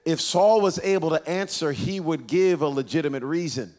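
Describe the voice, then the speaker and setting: A man preaching a sermon, animated and playful, acting out voices of Bible figures and teasing the congregation. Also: on the high side, moderate pace, hardly any pauses. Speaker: pastor. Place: church.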